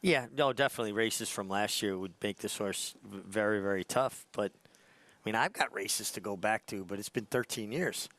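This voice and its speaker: Animated, halting male racing handicapper. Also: lowish voice. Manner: animated, halting, with restarts and repeated words. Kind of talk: horse racing broadcast analysis.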